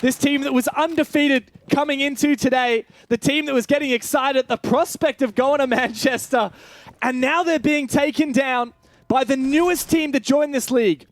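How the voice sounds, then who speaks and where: A man doing fast play-by-play esports commentary, building to shouts at big plays. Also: very high voice. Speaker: play-by-play caster.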